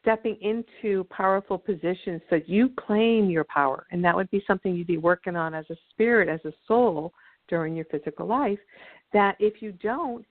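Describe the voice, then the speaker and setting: A woman guest on a call-in radio show, explaining ideas about emotional energy in a measured storytelling way. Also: mid-range voice, no room sound. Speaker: guest, energy healer and author. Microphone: phone. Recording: dry, tinny phone line.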